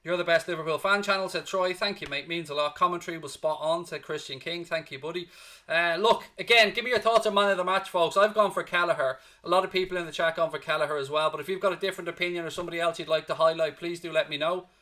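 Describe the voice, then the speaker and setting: Tired guy hosting a fan stream after the match, reading chat, blunt and emotional, kinda high bright voice. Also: quick pace. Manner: emotional, blunt, rambles on tangents. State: exhausted. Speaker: fan channel host.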